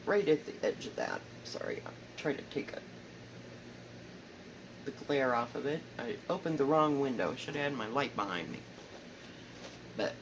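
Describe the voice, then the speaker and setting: A woman with a Southern accent, chatting casually about her stitching at home, rambling, correcting herself and often trailing off softly. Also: low voice, slight background noise, rough recording. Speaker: cross-stitch vlogger. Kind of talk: casual show-and-tell chat. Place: home, indoors.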